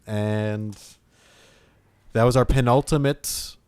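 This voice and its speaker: A man's voice: lowish voice, fairly even intonation, takes it slowly, darkish tone, smooth, no room sound. A man co-hosting a podcast, chatting casually with playful puns and banter. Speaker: podcast co-host. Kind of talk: casual chat.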